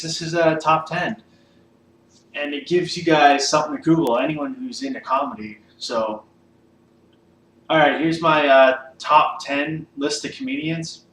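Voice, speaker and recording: A vlogger ranking comedians talks in a loose, unscripted monologue, his voice on the high side and a bit bright. He rambles, swears often, and uses lots of fillers, recorded from across an echoey room with a distant mic and faint background hiss.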